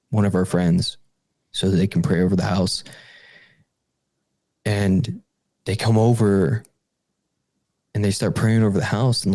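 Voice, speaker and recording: Low gravelly man telling a haunting story. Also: dry recording. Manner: halting, restarts, fillers and soft laughs. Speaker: podcast guest. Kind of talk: recounting a personal paranormal story.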